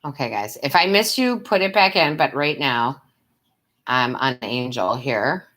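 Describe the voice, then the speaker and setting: A woman's voice: a bass voice, expressive, a little slow, fairly bright tone. A woman giving tarot readings on a live stream, who chats with her viewers, calls them love and sweetheart, and laughs often. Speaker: tarot reader and medium.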